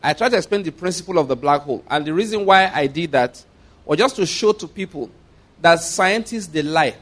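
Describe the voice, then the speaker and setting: A man preaching a sermon, reading scripture slowly and stressing key words, often checking that his listeners follow. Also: a little high, animated, a bit bright. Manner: asks listeners to follow along.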